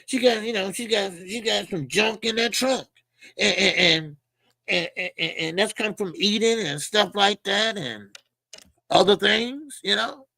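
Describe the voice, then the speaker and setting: Gravelly, bright-voiced boxing commentator man. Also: sits high, a little slow, no room sound. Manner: rambling, slangy, heavy with fillers and repeated words. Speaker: boxing channel host.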